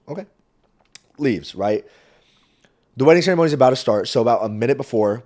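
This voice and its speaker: A young man hosting a podcast, telling a story in a casual, animated way and swearing freely. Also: on the low side. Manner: animated, swearing, jumps into quoted voices. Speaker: podcast host. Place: small warm room indoors. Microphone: camera mic, solo recording.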